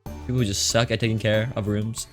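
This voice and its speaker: Soft music plays behind a man with a lowish, level voice who talks a little fast. He reads a visual novel aloud on stream and keeps breaking off into loose, jokey tangents with plenty of restarts, typical let's-play chatter.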